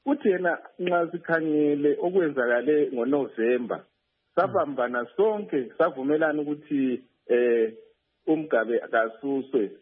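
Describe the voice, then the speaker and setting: A man's voice: fairly high pitch, a little slow, breathy edge. A male field reporter phoning in a news report, speaking hesitantly with many fillers and restarts. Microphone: telephone. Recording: tinny phone line.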